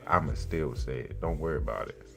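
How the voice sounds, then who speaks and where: A man's voice: brisk, creaky, faint music behind. Sarcastic man riffing on the news. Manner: sarcastic, profane riffing while reading an article aloud; jumps between flat reading and loud, high outbursts. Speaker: podcast host. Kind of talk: casual news commentary.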